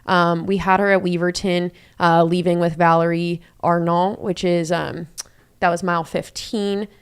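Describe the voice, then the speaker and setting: A woman's voice: on the low side, little pitch movement, measured pace, clean tone. A young woman commentating a live running race in a chatty way, with many fillers as she runs through splits and standings.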